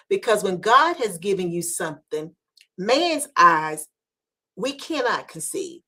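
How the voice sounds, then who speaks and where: A woman's voice: lowish voice, very animated, slow pace, husky. Earnest woman giving motivational talk. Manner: earnest, preacher-like encouragement with hushed asides. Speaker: podcast host. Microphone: video call.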